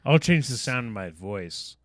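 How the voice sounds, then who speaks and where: A man co-hosting a comedy podcast, chatting casually with wry remarks and quiet asides. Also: medium pitch, expressive, measured pace, dry recording. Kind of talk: casual chat.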